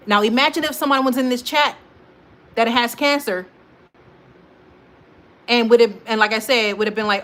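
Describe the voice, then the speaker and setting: A woman hosting a casual livestream, talking straight to her chat and moderators, scolding trolls in lively, informal speech. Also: on the high side, moderate pace, long pauses. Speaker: livestream host.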